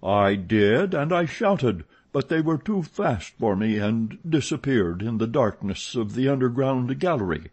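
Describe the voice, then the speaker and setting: A man's voice: mid-range voice, husky, pitched above the performer's own voice. A man doing a dry, blunt stable master. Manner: flat, dry, measured delivery. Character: gruff male head groom, blunt and dry.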